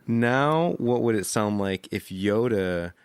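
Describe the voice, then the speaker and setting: Low-voiced, easygoing podcast co-host. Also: male voice, lively intonation, takes it slowly, smooth, no echo. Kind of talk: casual chat.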